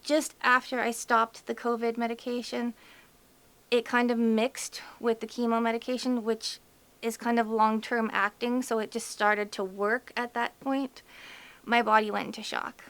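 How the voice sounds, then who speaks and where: A woman's voice: fairly high pitch, flat delivery, unhurried, a bit bright. A woman vlogger giving a candid, emotional personal update, chatty and full of "like" and "you know". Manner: emotional, fighting back tears.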